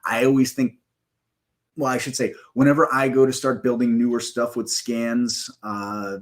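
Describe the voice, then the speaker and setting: A man hosting a live trading stream, walking through software in a loose, rambling way with many fillers and self-corrections, and hiccups now and then. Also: medium pitch, little pitch movement, normal speed. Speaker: live trading room host.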